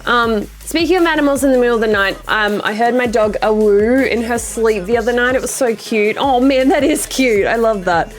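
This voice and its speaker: Australian woman streamer, higher voice, casual and expressive, lots of laughs, light music bed. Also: moderate pace, few pauses. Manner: animated, swears freely, laughs often. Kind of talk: casual chat with viewers.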